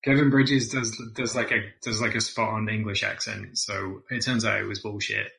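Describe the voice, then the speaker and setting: A man's voice: on the low side, little pitch movement, moderate pace, creaky, sharp tone. A man from Scotland co-hosting a casual film podcast, chatty and self-deprecating. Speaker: podcast co-host.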